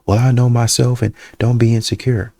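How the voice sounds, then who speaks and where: A man's voice: medium pitch, flat delivery, fairly quick, creaky, warm tone. A man hosting a reaction video, talking in a casual, conversational way and sometimes putting on voices to quote people. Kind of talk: casual commentary.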